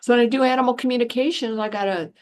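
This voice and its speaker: A woman's voice: fairly high pitch, rapid-fire. A woman who works as an animal communicator, talking frankly in a casual monologue and slipping into voices when she quotes people. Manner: chatty storyteller acting out quotes in changed voices; frank, exasperated asides. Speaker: animal communicator and spiritual healer.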